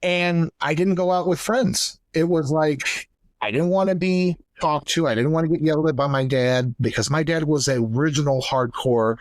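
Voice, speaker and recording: A man's voice: fairly high pitch, moderate pace, no room sound, studio quality. A young man, a podcast co-host, candidly retelling a painful family story and acting out the voices of the people in it. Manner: candid, emotional retelling, acts out quoted voices. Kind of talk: personal storytelling.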